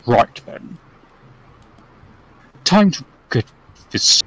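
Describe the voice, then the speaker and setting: A man's voice: extremely slow, a bit bright, poor audio. A man voicing a smug, suave male archdevil in a tabletop game, courteous on the surface and dry underneath.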